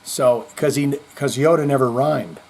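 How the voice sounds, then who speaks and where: A man's voice: mid-range voice, unhurried, a little mellow. A male show host telling jokes and rambling through a casual, profane comedy monologue. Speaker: podcast host.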